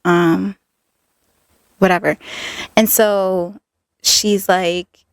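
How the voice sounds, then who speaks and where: A woman hosting her own podcast, telling a personal story candidly with many fillers and lively acted-out quotes. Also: on the low side, slow, pauses often, no echo, studio quality. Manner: candid, filler-heavy, animated retelling. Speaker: podcast host.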